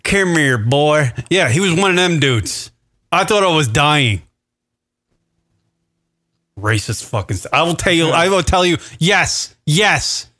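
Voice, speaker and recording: A man hosting a radio talk show, cursing and laughing as he rants in crude, casual banter. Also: sits high. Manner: profane, laughing, rants loudly.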